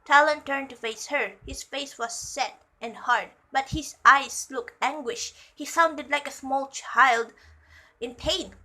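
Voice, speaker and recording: Young woman reading fanfic out loud, high bright voice, gushes and giggles between bits. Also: takes it slowly, low-quality recording. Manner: gushing, giggly asides between passages. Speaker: fan fiction reader. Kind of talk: reading a story aloud with reactions.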